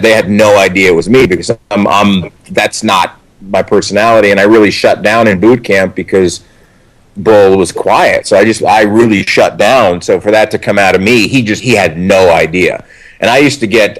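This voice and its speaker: A man's voice: on the low side, rough recording. A man, an actor being interviewed, telling casual anecdotes with many restarts and some swearing. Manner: animated storyteller, frequent restarts and swearing.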